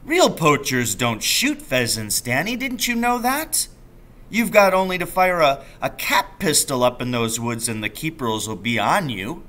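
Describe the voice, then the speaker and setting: A man's voice: mid-range voice, very animated, pushed and bright, pitched above the performer's own voice. A male teacher voicing a sly, secretive father in a storybook reading, drawing out his words conspiratorially. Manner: slow, drawn-out, conspiratorial.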